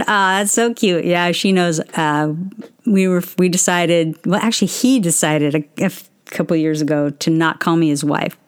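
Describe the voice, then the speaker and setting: A woman's voice: mid-range voice, clean tone. A middle-aged woman casually chatting and telling stories to viewers, answering their questions. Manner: chatty, storytelling, self-interrupting. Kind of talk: casual livestream chat.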